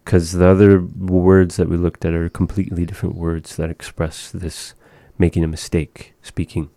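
A man with a very low, mellow voice walks a learner through new words. He speaks slowly and patiently, modeling each word with care. The sound is dry and close. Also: level tone, no echo. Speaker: language teacher. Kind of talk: conversational language lesson.

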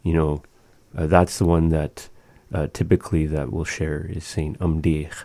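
A man's voice: very deep voice, level tone, normal speed, mellow, no echo. A man teaching words and phrases of a language, patiently explaining grammar to a learner.

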